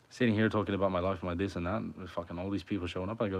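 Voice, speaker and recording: A man's voice: deep voice, fairly even intonation, racing, hardly any pauses. A man musician chatting casually on a livestream from his home, rambling and swearing a lot. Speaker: musician streamer.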